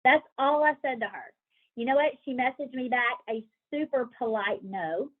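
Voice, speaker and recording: A woman leading a motivational team call, talking lively, acting out worried inner voices and asking her group questions over a call line. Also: high-pitched, moderate pace. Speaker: team leader coaching a sales team. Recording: tinny phone-like call audio.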